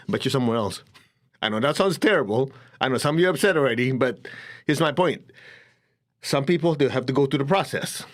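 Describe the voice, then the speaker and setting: A man giving a spiritual talk to an audience, at a middle pitch for a man. He tells stories with animation and breaks into quick laughs. He acts out the people in his stories as he goes. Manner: animated storytelling, acts out quoted voices, laughs often. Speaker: spiritual teacher. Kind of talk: lecture to an audience.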